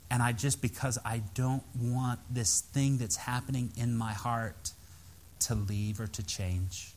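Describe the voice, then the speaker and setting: A pastor putting on a hushed, deeply moved man. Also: steady tone, close to an everyday voice. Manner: soft, low and slow, speaking quietly.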